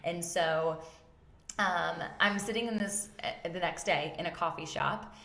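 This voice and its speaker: A woman hosting a casual faith talk, telling a personal story with animated acted-out quotes. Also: lowish voice, unhurried, reverberant. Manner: animated, acts out her own quotes. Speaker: podcast host.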